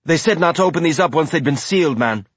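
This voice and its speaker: A man voicing a nervous male station guard who runs his words together fast. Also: very animated, fairly bright tone, dry recording. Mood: panicky. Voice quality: words rushed together, higher voice.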